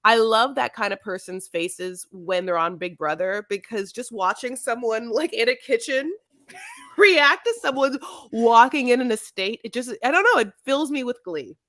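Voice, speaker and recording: A woman's voice: on the high side, animated, moderate pace, fairly bright tone, no room sound. A woman co-hosting a casual podcast, recapping in a rambling way with many fillers. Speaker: podcast co-host. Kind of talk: casual chat.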